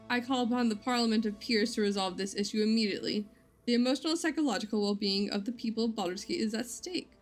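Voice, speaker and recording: A woman reading a game letter aloud as a pompous, indignant gentleman, using a put-on accent. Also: fairly high pitch, close to an everyday voice.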